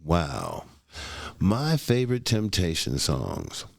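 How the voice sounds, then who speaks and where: A man from Detroit with a very deep voice tells stories at an easy pace as a podcast guest. The sound is dry and close to the mic. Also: wildly swooping pitch, gravelly, slightly rough, dry recording. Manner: laid-back, unhurried storytelling. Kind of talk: casual interview. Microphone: podcast microphone.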